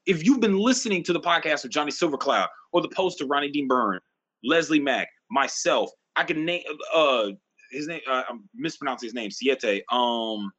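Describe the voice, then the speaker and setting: Lively, emphatic ranting man. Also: on the high side. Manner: emphatic, ranting, profane, repeats phrases for force. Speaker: podcast host. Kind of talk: casual podcast conversation.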